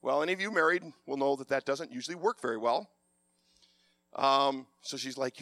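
A man preaching a sermon, passionate and animated, with a loud voice. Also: mid-range voice, normal speed, dry recording.

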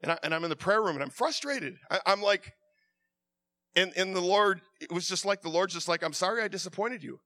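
A man preaching a sermon with passion, stammering and repeating words, swinging from hushed confession to loud outbursts. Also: high-pitched, brisk, no echo.

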